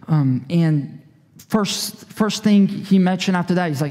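A man's voice: fairly high pitch, unhurried, darkish tone, in a large hall. A man preaching a sermon as a pastor, earnest and full of storytelling. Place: church.

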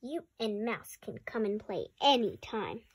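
A woman's voice: mid-range voice, very animated, unhurried, slight background noise. Give me a kind mother bunny, read by a woman. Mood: welcoming. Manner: friendly, welcoming.

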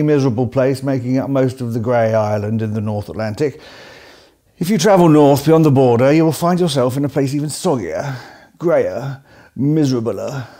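A man's voice: medium pitch, warm tone. Dry, sardonic English man narrating comedy. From England. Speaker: host.

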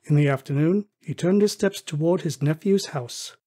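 Husky-voiced man narrating a classic tale. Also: a little high, normal speed. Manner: expressive storytelling. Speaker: audiobook narrator. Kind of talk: scripted audiobook narration.

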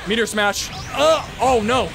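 A young man streaming a fighting game, commenting live with excitable, profane trash talk. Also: very high voice, a little slow, creaky. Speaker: gaming streamer. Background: game music.

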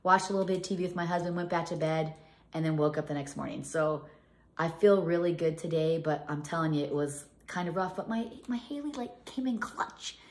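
A woman's voice: sits low, brisk, a little mellow. A middle-aged woman chatting casually as a home cooking vlogger, telling rambling stories full of restarts and fillers. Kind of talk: casual chat. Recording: echoey room.

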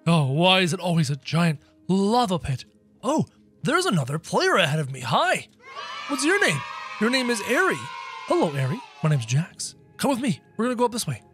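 A man with a high, bright, very animated voice comments on a game as he plays, joking and yelping at every scare. Faint music plays behind him. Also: normal speed. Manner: excitable, jokey, prone to yelps and shouts. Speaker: gaming channel host. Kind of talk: game commentary, playing in character.

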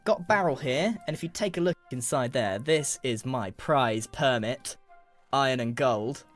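A man casually pitching a trade to another player in a persuasive, salesman-like way. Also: normal speed, fairly bright tone, soft background music. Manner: wheedling salesman pitch, then giving in. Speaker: Minecraft player. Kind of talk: casual bargaining chat.

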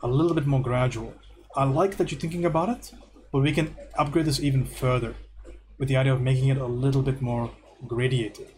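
Relaxed man critiquing art homework. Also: mid-range voice, a little fast, a little hiss or hum. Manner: relaxed and encouraging, thinks aloud with repeated praise. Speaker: art teacher reviewing student homework.

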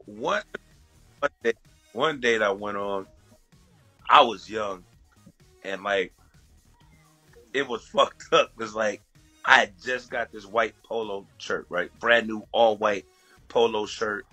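A man from the USA holds forth as a talk show guest, his voice bright and a little husky. He spins a loose, profane story, chuckling through it. Faint music plays underneath. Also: fairly low pitch, slow pace, pauses often. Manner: profane, laughing, animated storytelling. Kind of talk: casual storytelling.

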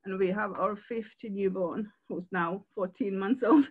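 An older woman, a foster carer, speaking haltingly and emotionally over a video call. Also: mid-range voice, husky. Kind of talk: sharing in a Q&A. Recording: tinny phone-like call audio.

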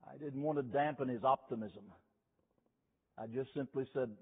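A man preaching a sermon, telling stories slowly and emphatically, repeating key phrases. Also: medium pitch, slightly rough. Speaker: revival preacher. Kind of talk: sermon with storytelling. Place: chapel. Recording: tinny lo-fi chapel recording with long reverb.

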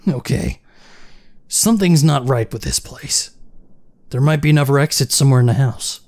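A man's voice: mid-range voice, normal speed, pauses often, a little mellow, dry recording. A man playing a horror game on camera, reading the game's lines aloud and adding sarcastic, joking remarks as he goes. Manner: sarcastic, reacting aloud while playing alone. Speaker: gaming channel host. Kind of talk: let's play commentary with read-out game text.

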